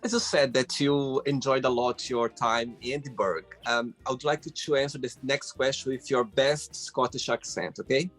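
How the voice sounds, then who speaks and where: A man's voice: medium pitch, normal speed, few pauses, a bit bright, soft background music. A male host of a casual interview show, friendly and teasing, who retells stories by acting out what people said.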